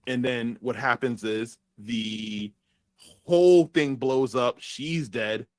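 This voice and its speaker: A man's voice: mid-range voice, slow pace, a little mellow, dry recording. A man reviewing a movie in casual chat, rambling and swearing as he retells scenes. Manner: rambling, profane, acts out characters' lines.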